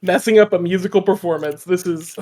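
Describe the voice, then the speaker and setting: Guy at a d&d table, kinda hesitant, explains his move, slightly high voice. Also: a little fast, a little mellow. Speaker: player. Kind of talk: tabletop game talk.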